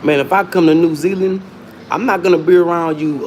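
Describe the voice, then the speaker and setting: Man, livestream host, taunting chat, slightly high voice, faint background hiss. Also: fairly even intonation, fairly quick, a little mellow. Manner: taunting, combative, addresses chat users directly. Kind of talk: casual livestream talk answering chat.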